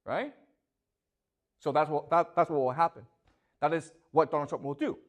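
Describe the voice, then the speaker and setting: A man's voice: a little high, steady tone, brisk. A man lecturing a class, constantly checking that his students understand with rhetorical questions.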